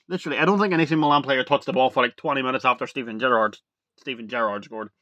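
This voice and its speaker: A young man talking casually to camera as a video reviewer, rambling and excitable, full of "like" and "literally". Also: mid-range voice, fast talker, no echo, highs cut off.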